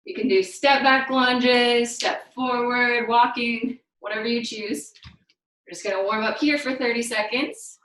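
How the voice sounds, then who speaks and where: A woman leads a live fitness class over a video call, cueing each move as she demonstrates it. Her voice sits a touch high and rings around a bare, echoey room. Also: steady tone, measured pace, a bit bright. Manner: instructive, cueing exercises while demonstrating. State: out of breath. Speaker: fitness instructor. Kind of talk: live online workout class.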